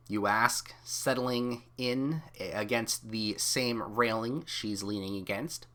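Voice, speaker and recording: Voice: medium pitch, steady tone, takes it slowly, few pauses, a bit bright. A streamer reading an interactive novel aloud in a casual, self-mocking way, with offhand swearing and chatty asides.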